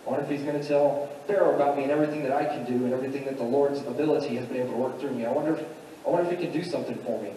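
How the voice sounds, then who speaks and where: A man's voice: medium pitch, steady tone, racing, dark tone, slight background noise, natural voice. A man voicing the young Joseph as a weary, hopeful prisoner in a conversational, pleading way, recorded from a distance in an echoey church hall. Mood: wondering.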